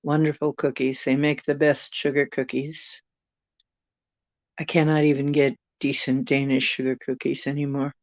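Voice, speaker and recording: A woman's voice: a bass voice, flat delivery, moderate pace, dry recording, dull audio. A woman from the United States hosting a casual live stream, musing aloud and answering viewer comments. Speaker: channel host chatting with viewers.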